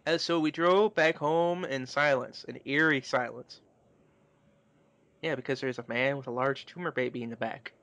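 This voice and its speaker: A man with a medium-pitched, fairly bright voice co-hosts a comedy podcast, reading fan fiction aloud in a casual group setting. Between passages he drops quick, crude, mocking asides.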